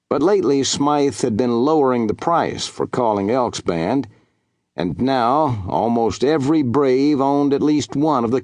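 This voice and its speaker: A man narrating a western audiobook in a measured, expressive storytelling voice. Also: mid-range voice, dry recording.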